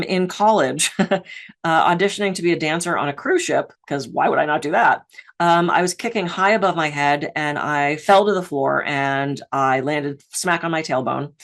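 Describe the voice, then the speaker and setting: A woman from the Pittsburgh area giving a keynote on stress, telling personal anecdotes with playful, self-mocking humor. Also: on the low side. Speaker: keynote speaker on stress management.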